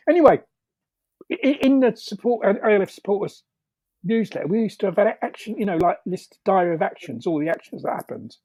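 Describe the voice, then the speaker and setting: A man's voice: high-pitched, sing-song, fairly quick, dark tone, no echo. A man telling rambling anecdotes over a video call, laughing often, with many fillers and restarts. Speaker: storyteller guest.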